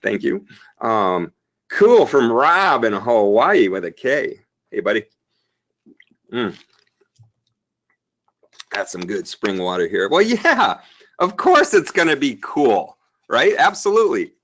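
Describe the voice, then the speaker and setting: A man in his thirties hosts a live sales webinar, demoing software while chatting upbeat with viewers in the chat. His mid-range voice is very animated, slow, with long pauses.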